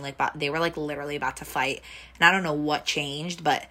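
Low-voiced young woman telling a story. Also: steady tone, fast talker, bright, forceful tone. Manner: rambling, heavy use of "like" fillers, restarts. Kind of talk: casual storytelling chat.

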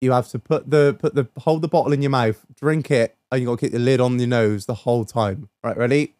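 An upbeat man co-hosting a podcast, chatting casually and swearing his way through a product tasting. His voice sits at a middle pitch. The room sound is dry and close. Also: steady tone, brisk, darkish tone, no room sound. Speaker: podcast co-host. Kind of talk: casual chat.

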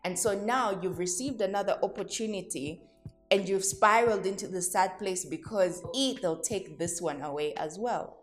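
A woman's voice: medium pitch, darkish tone. A woman hosting a solo podcast, speaking candidly and reflectively to her listeners, addressing them directly and laughing at herself. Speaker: podcast host.

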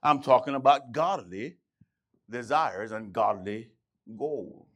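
Lively, emphatic male preacher. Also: mid-range voice, slow pace. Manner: emphatic, repeats key phrases, stammering restarts. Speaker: pastor. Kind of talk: sermon.

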